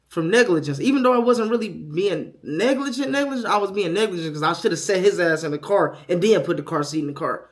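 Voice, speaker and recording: With a high-sitting voice and a fast delivery, a young first-time father speaks candidly to camera, hardly pausing at all. He's blunt and profane, moving from hushed uncertainty into loud, animated tales.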